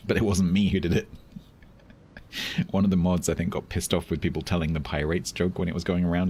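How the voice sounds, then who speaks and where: A man's voice: low-pitched, steady tone, a little fast, darkish tone, a little hiss or hum. A man with a Southeast English accent, from London, chatting casually while streaming a game, rambling along with dry joking asides. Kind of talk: casual live-stream chat.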